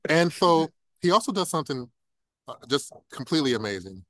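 A man's voice: a little high, big pitch swings, a little fast, fairly bright tone, no echo. A man in a casual film discussion, talking animatedly and acting out characters' lines in playful voices.

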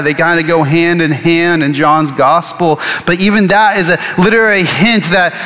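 Male pastor, high bright voice, animated storyteller who acts out quotes and drops to a hush, big hall echo. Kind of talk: sermon. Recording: long hall reverb.

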